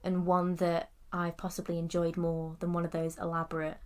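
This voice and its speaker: A woman's voice: lowish voice, monotone, normal speed. A young woman co-hosting a podcast, chatting casually about a film with lots of "like" and "kind of" and frequent giggles. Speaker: podcast co-host. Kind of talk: casual film review chat.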